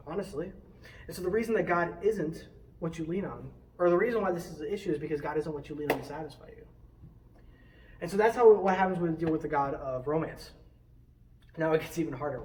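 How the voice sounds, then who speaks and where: A man giving a casual youth sermon, conversational and animated, with quick asides. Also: fairly high pitch, recorded from a distance, a little hiss or hum, low-quality recording.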